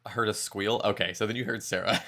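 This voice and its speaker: Male streamer, casual chat, low fry-heavy voice. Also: fairly even intonation, quick pace, pushed and bright. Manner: loose, swears casually, laughs often.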